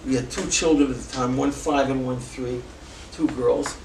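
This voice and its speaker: A man in his seventies telling a personal story to an audience, animated and halting, moving between loud bursts and hushed asides. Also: medium pitch, noisy background. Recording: echoey room, distant mic, faint ambience.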